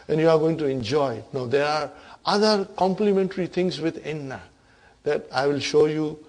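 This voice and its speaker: Guy teaching arabic grammar to a class, slow and careful, keeps asking the students if they follow and gets them to repeat after him. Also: fairly high pitch. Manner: calls on students, repeats and checks understanding; drills the class in call-and-response.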